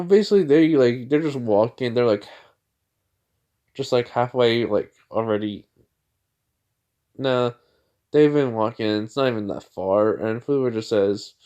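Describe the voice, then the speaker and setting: A man's voice: medium pitch, mellow, clear, resonant tone. A man casually retelling a fan story in a rambling way, full of filler words.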